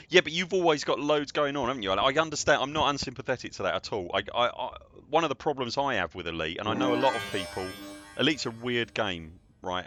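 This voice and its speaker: A man's voice: medium pitch, lively intonation, fast talker, a bit bright, no echo. A man, chatting and joking in a rambling way as a game streamer at home. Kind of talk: casual livestream chat.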